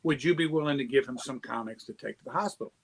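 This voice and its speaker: A man, a charity founder appearing as a guest, telling an anecdote in a casual, animated way with quick restarts. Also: medium pitch, creaky, rough recording. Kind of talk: casual storytelling.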